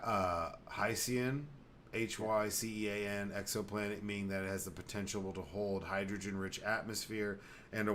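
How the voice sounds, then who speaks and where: A man's voice: deep voice, fairly bright tone, a little hiss or hum. A man hosting a casual podcast, rambling playfully and reading an article aloud with stumbles. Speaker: podcast host.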